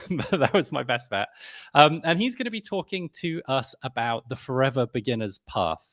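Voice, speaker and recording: A male host introduces speakers in a friendly, upbeat way and pokes fun at himself. His voice is mid-pitched and sounds dry and close. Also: fairly bright tone, no room sound. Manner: friendly, upbeat, self-deprecating jokes. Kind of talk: casual live-stream hosting.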